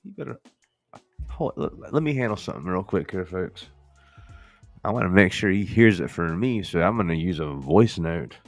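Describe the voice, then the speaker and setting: A man's voice: deep voice, lively intonation, normal speed, dry recording, faint music behind. A male podcast host in a casual, playful demo chat, joking and talking to the viewers as folks.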